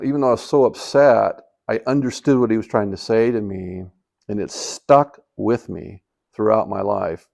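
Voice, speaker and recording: Gravelly older man telling a story. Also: fairly low pitch, mellow. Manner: rambling, with many fillers and restarts. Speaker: vlogger telling life stories. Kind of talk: casual storytelling.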